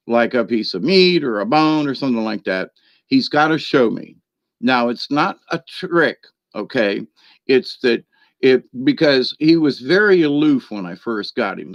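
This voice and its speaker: A man's voice: mid-range voice, creaky, no room sound. Rambling man with dull dry sound. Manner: meandering, chuckles often, many fillers. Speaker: spiritual channel host. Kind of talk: rambling casual storytelling monologue. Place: at home by his computer.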